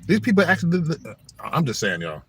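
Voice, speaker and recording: A man's voice: fairly high pitch, wildly swooping pitch, a little fast, breathy edge. A middle-aged man hosting his own channel, telling rambling school stories in a slangy, joking way. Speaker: channel host. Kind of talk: casual storytelling monologue.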